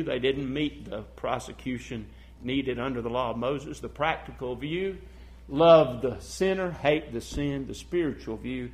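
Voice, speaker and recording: A male preacher delivering a sermon, asking the listeners questions and swinging from loud, emphatic declarations to hushed, intimate passages. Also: mid-range voice. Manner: asks the congregation rhetorical questions.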